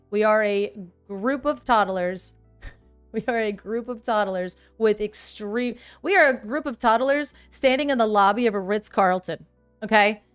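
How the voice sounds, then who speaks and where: A woman in her thirties with a clean, medium-pitched voice hosts a casual livestream. She chats animatedly, reads viewer comments aloud, and laughs often.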